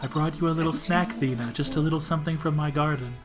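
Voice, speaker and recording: A streamer reading the lines of a gentle, shy and sickly young woman, softly and sweetly. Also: medium pitch, fast, over music, natural voice.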